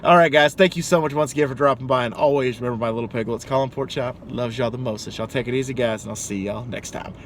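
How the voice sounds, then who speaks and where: A young man, a pizza delivery driver, telling funny work stories in an animated, chatty way, casually cussing. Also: mid-range voice, fast, few pauses, slight background noise. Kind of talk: casual storytelling to camera.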